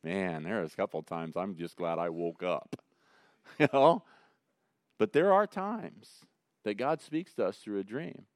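Male pastor, deeper register, conversational sermon delivery with big swings in volume, dry close recording. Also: a little slow, no echo. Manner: conversational preaching, swings between loud emphasis and quiet asides.

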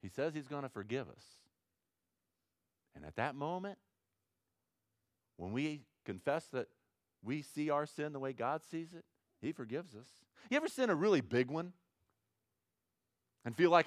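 A man preaching a sermon as pastor, acting out prayers and little dialogues, swinging from loud to hushed. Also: on the high side, sing-song, measured pace, pauses often, dry recording, studio quality. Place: church sanctuary with congregation.

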